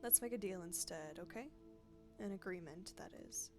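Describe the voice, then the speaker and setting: A woman voicing a blunt, proud older woman down on her luck, reading the game's lines aloud in a gruff manner. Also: on the low side, moderate pace, music in the background, natural voice. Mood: bargaining. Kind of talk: reading game dialogue aloud.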